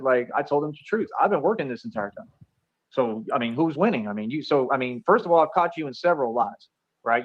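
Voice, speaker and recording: A man rants quickly on a livestream, boastful and accusatory, circling back over the same points. His voice has a middling pitch and comes through slightly muffled stream audio. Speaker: streamer being reviewed. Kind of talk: rambling livestream rant.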